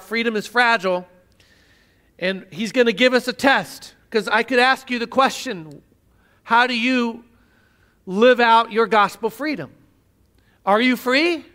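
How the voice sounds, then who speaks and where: Man, pastor, sermon, emphatic, rhetorical questions, very high pitch. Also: pushed and bright.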